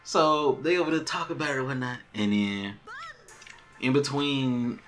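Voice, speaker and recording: Animated man recapping a TV episode. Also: mid-range voice, unhurried, soft background music. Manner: animated storytelling, acting out quotes in different voices. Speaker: podcast host. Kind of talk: casual TV recap.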